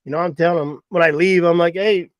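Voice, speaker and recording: A middle-aged hunting guide tells a story in a loose, folksy ramble and chuckles at his own tale. His voice sits a little high. The sound is dry and close, with no room around it. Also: little pitch movement, quick pace, dry recording. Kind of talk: casual storytelling.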